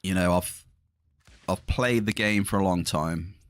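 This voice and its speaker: A middle-aged man livestreams, talking casually to his viewers and rambling as he goes. His voice is low and a little strained, and he speaks at a measured pace.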